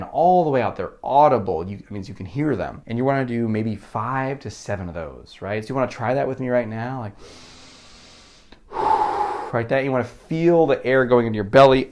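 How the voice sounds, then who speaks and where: A man in the middle pitch range gives a relaxed, conversational lesson on confidence. He acts out the nervous inner voices of the people he coaches and breaks into easy laughter. His voice swings with expression as he talks. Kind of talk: instructional talk to camera.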